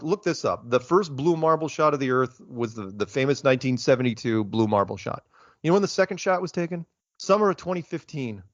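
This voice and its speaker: A fired-up man rambles through an interview answer, his voice sitting a little high for a man. The recording sounds dull and lo-fi, with a dry, close feel and no room around it. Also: dry recording. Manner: animated, gets worked up, rambling. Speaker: interview guest. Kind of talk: casual interview talk.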